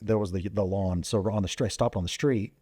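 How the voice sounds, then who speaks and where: A man with a low, mellow voice rattles off stories from his old police work at a fast clip. He talks casually, full of "you know" and restarts. The sound is close and dry, like a podcast studio. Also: slightly rough, no room sound. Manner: animated, quick storytelling with many fillers and restarts. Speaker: podcast guest, former police officer. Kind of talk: casual storytelling interview.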